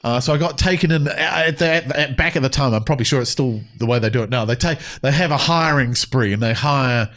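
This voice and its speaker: A man's voice: medium pitch, a little fast, hardly any pauses, fairly bright tone. A middle-aged man, a sales trainer, speaking bluntly and provocatively as a podcast guest. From United Kingdom. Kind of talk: podcast interview.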